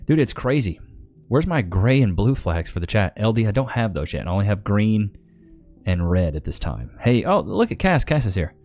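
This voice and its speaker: A man's voice: on the low side, very animated, moderate pace, darkish tone, soft background music. A man hosting a casual live stream, chatting loosely in slang and reading out names from the chat into a desk mic. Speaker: livestream host. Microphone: desk microphone.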